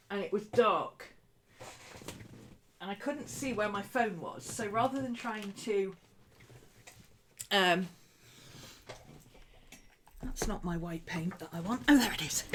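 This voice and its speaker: A woman's voice: mid-range voice, slight background noise. Chatty lady rambling while she crafts at home, laughs a lot, side comments as she paints. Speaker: host. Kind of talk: casual craft livestream chat.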